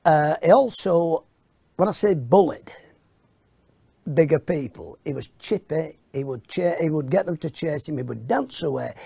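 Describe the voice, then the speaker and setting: A man, a former youth rugby coach describing a young player in an interview, in a measured storytelling manner. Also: fairly high pitch, expressive, vocal fry, mellow, husky, no room sound. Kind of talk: interview recollection.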